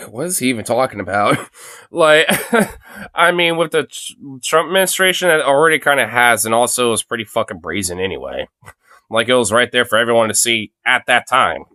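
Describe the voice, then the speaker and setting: Young male streamer host, casual swearing rambler, smooth dry tone. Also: medium pitch, pushed and bright, no room sound. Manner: rambling, laughs often, swears freely. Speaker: streamer host reacting to videos. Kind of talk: casual reaction chat.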